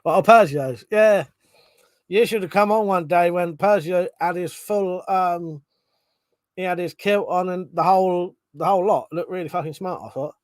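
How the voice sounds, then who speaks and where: A man's voice: sits high, normal speed, no room sound. A man hosting a live stream, chatting loosely, swearing casually and reading out chat messages from home. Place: home room.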